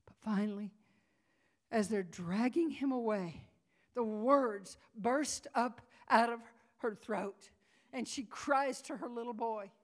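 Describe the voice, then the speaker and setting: A woman's voice: on the high side, slow. A woman preaching at a conference, telling a story dramatically and near tears, dropping to whispers and rising to cries. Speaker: conference speaker. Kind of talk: sermon storytelling.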